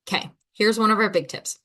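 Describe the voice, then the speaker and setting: A woman's voice: mid-range voice, bright, forceful tone. A woman hosting her own podcast as an ADHD coach. She talks in a loose, rambling way, breaks off mid-sentence, repeats words and laughs easily. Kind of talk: casual solo podcast monologue.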